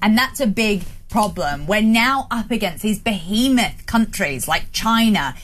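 A woman's voice: mid-range voice, lively intonation, measured pace, a bit bright. A woman, a guest commentator on a talk show, speaking earnestly and agreeably. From Australia.

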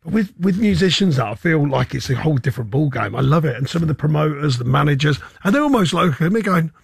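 A man with a rough, raspy, gravelly voice rattles through stories at speed. He sounds excited and chatty, and the room is dry and close. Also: a little high, no room sound. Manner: excitable, rapid storytelling. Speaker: football guest. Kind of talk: casual chat.

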